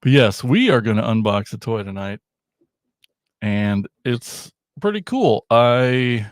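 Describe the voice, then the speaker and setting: Middle-aged male host, casual toy-stream chatter, dry close sound, mid pitch, meandering and jokey. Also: animated, slow pace, dry recording. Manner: rambling, self-deprecating, jokey. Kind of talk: casual livestream chat.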